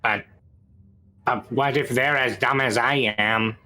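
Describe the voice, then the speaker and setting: A man's voice: mid-range voice, fairly even intonation, takes it slowly, bright, forceful tone. A man playing a tabletop game, bantering in character in a playful, mock-naive way.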